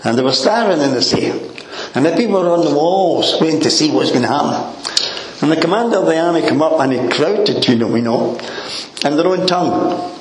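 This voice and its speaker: A man preaching a sermon in a relaxed, conversational way, chuckling often and leaning on "you know" as he speaks to the congregation. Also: a little high, a little fast, a little hiss or hum. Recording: echoey room with faint ambience.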